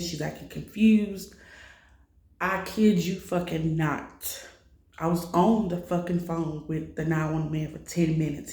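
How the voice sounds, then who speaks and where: A woman with a low, warm voice recounts her child's illness in a raw, distressed vlog, cursing freely as the story unfolds. The sound is roomy.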